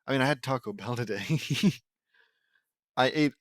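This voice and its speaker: A man's voice: mid-range voice, big pitch swings, fairly quick, creaky, no echo, studio quality. A man with a sore throat reading fan fiction aloud at home, wandering off into rambling, self-deprecating asides. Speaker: fan fiction audiobook reader.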